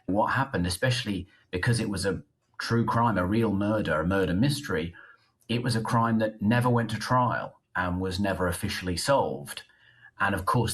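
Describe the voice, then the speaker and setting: A middle-aged British man, a journalist and author, chatting on a video call interview and telling his story in a lively way. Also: deep voice. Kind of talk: interview conversation.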